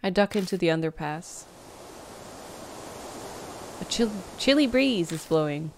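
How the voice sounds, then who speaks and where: A woman's voice: fairly low pitch, expressive, measured pace, vocal fry, slight background noise. A woman streamer reading a visual novel aloud and chatting casually with laughs between the lines. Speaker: let's play streamer. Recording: game music playing behind.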